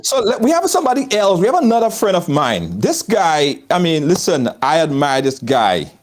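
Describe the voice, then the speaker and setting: Trinidadian guy hosting a live chat show, high-ish lively voice, laughs a lot, repeats stuff. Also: normal speed. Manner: animated, laughs often, repeats phrases. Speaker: host.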